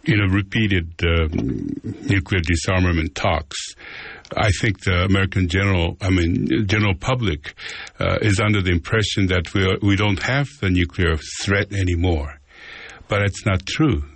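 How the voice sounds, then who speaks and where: Deep gravelly voiced guy on a radio show, lots of uh and you know. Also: normal speed, dry recording. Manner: hesitant, many fillers. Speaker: interview guest. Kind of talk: radio interview answer.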